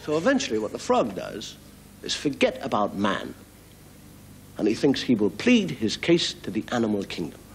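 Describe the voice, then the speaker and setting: An Irish man, a comedian and host, telling a story in an animated stand-up style in a TV studio before an audience. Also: medium pitch, normal speed, a little hiss or hum. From Ireland.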